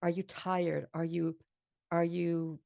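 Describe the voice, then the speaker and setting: Woman podcast host, middle-aged, low voice, gravelly edge, earnest and affirming. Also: little pitch movement, slow, warm tone, dry recording, dull audio. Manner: earnest, affirming, talks in long reflective runs. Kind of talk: casual interview chat.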